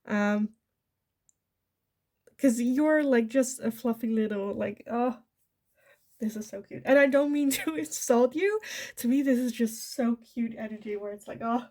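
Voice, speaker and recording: A woman with a fairly high voice talks through a pick-a-card tarot reading. She keeps it chatty and giggly, slipping into little voices to act out what people might say. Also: a little slow, pauses often, a little mellow. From Netherlands. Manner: chatty, giggly, acts out quoted lines. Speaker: tarot reader.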